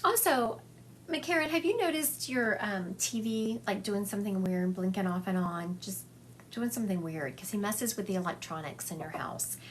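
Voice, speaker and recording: A woman's voice: medium pitch, moderate pace, a little hiss or hum. Chatty woman medium on a live stream. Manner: chatty, relays and acts out spirit messages. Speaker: psychic medium. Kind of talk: livestream reading for viewers. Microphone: phone livestream.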